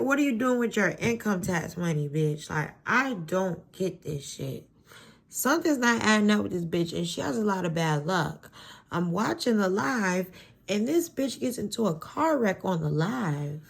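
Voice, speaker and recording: Blunt, profane woman ranting on camera. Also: mid-range voice. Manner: blunt, profane and exasperated, full of fillers. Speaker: vlogger. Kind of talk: ranting commentary vlog. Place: at home, face cream on.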